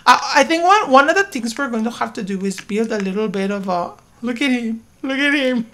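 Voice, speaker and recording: Woman gamer rambling over her sim game, kinda high pitched, gets loud and yells at her characters. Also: unhurried, gravelly. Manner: excitable, talks to her game characters, sudden loud outbursts. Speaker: gaming YouTuber. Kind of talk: casual let's-play commentary.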